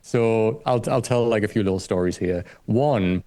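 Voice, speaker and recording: A man, a guest on a chat show, telling an excitable, gushing story in casual conversation and swearing freely. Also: lowish voice, moderate pace. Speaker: guest, music reaction video creator.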